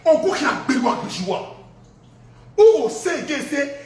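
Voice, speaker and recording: A man with an extremely high-pitched, very animated voice rants heatedly and a little fast in a Nigerian Pidgin accent, hurling insults. It's an angry social media rant, recorded from far off in an echoey room.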